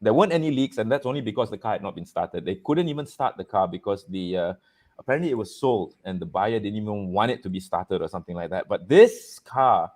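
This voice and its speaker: Jokey man hosting a chat. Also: fairly low pitch. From Malaysia. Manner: animated, jokey, laughs often. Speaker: host. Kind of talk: casual chat show.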